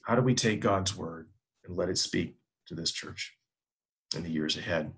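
A man's voice: sits low, normal speed, a bit bright. A man, a pastor, preaching a sermon with emphatic, repetitive exhortations.

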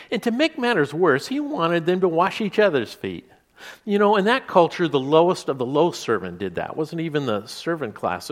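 A man preaching a sermon in a relaxed, conversational way, with asides and restarts. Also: fairly high pitch. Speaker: pastor.

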